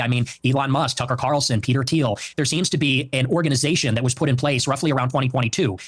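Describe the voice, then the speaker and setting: Male guest, assertive commentator, quick delivery, mid pitch. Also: fairly bright tone. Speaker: interview guest. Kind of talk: political commentary.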